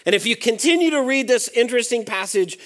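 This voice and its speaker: A man preaching a sermon to young adults, reading scripture aloud and swinging between emphatic peaks and hushed asides. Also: very high voice, lively intonation, fast talker. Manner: reads scripture aloud and acts out the quoted lines.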